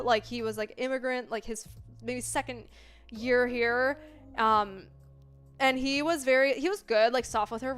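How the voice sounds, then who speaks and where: A young woman chatting casually on a live stream, expressive and full of filler words, jumping between loud bursts and mellow talk. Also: fairly high pitch, clear, resonant tone. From Italian family background.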